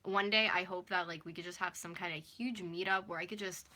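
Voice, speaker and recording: A woman's voice: on the low side, fairly even intonation, brisk, pushed and bright. A young woman in her early twenties from North America, chatting and rambling as she speaks openly to viewers on a live stream. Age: early 20s. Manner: chatty and rambling, with constant fillers. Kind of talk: casual, confessional live chat.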